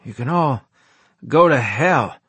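A man playing a freshly revived soldier, raspy and slurring, crude and belligerent. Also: mid-range voice, lively intonation, slow pace, fairly bright tone, no echo, voice pushed up, heavily acted. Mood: hostile.

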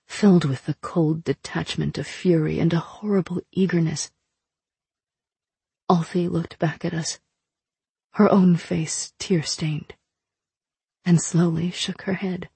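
A woman narrating a novel in the first person as an audiobook reader, in a hushed, dark manner. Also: on the low side, steady tone, slow pace, vocal fry, pauses often, husky, no room sound.

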